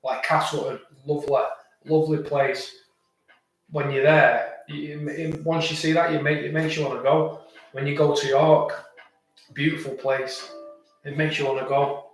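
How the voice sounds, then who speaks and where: A man's voice: fairly high pitch, little pitch movement, normal speed, recorded from a distance, faint music behind. Chatty man, echoey room. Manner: rambling, chatty, with many restarts and fillers. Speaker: vlogger answering live chat. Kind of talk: casual live chat.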